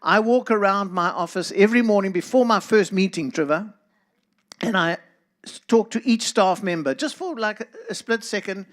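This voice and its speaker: A man's voice: high-pitched, normal speed, a bit bright. A middle-aged man with a South African accent, giving an earnest talk to a church congregation and speaking to listeners by name. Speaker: guest speaker.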